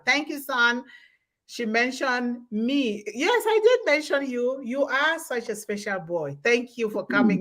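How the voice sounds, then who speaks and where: Through a computer mic, a woman in her forties runs a live webinar, reading viewers' comments slowly and thanking them effusively. Her pitch is fairly high and her tone fairly bright.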